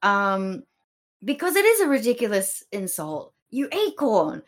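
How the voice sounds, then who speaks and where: Slow, chatty woman podcast co-host. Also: medium pitch, huge pitch swings. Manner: chatty, many fillers and acted-out quotes. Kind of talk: casual chat about a play.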